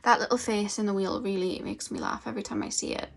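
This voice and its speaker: Young woman, tarot reader; slow, musing, dreamy channeling talk. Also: medium pitch, fairly even intonation, gravelly. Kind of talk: tarot reading monologue.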